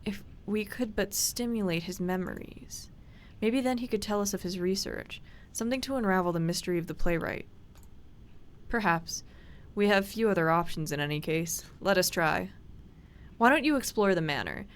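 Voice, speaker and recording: A woman voicing a grave, formal male doctor in a game, reading his lines in a measured way. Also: mid-range voice, slight background noise, natural voice. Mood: earnest.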